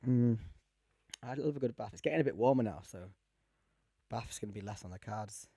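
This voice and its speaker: A man's voice: on the low side, a little fast, creaky, mellow, no room sound. A man co-hosting a casual podcast, rambling and joking at his own expense. His voice is dry and close, with no room sound around it. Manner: rambling, jokey, self-mocking. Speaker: podcast co-host.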